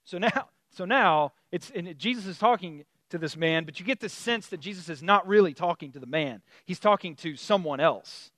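A man preaching a sermon in a conversational, animated storytelling way, with many fillers and restarts. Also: sits high, moderate pace, few pauses, no room sound. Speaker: pastor.

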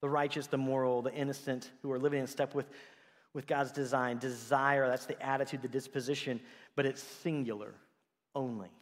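A man preaching a sermon in a conversational, animated way, acting out the voices he quotes. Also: mid-range voice, fairly quick. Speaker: pastor. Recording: long hall reverb.

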